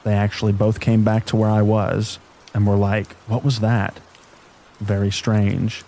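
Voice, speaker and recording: Male narrator for bedtime horror stories, deep and dark-toned, reading calmly over rain. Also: normal speed, vocal fry, a little hiss or hum, rough recording. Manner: calm, even sleep-story reading. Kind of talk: scripted narration of scary stories.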